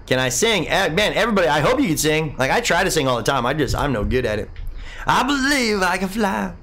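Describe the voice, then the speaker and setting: A man's voice: on the high side, expressive, fast, fairly bright tone. A young man hosting a live game stream, casually rambling as he reads and answers viewer comments. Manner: laid-back, rambling, says "man" a lot. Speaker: livestream host.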